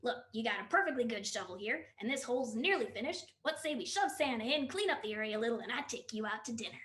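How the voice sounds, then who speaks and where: Woman reading as a deadpan, laid-back pilot. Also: on the high side, fast talker. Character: laid-back lonely male pilot, dry humor. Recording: roomy echo.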